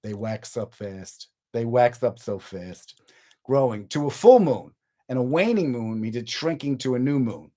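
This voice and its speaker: Unhurried and medium-pitched, a middle-aged comedian chats casually with viewers while hosting his podcast on a live stream. His delivery is joking, his storytelling animated.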